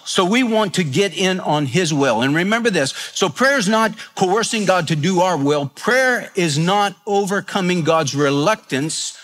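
A man's voice: a little high, a bit bright. A man preaching a sermon in an earnest, conversational way, telling stories and acting out quoted voices with humor. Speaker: pastor.

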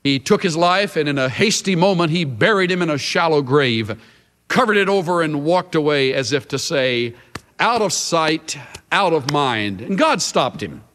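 A man's voice: on the high side, lively intonation, moderate pace, fairly bright tone, big-room sound. A man preaching a sermon as a Bible teacher, emphatic with dramatic shifts of emphasis.

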